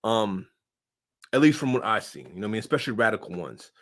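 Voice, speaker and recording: A man's voice: lowish voice, very animated, fast talker. Man, online commentator, casual unscripted talk, slangy, lots of fillers, volume jumps up and down. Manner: loose and slangy, many fillers, sudden swings in loudness.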